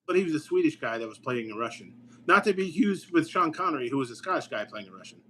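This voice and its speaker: Fast-talking joking man, faint background hiss. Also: a little high, animated, pushed and bright. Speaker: podcast co-host. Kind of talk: casual chat.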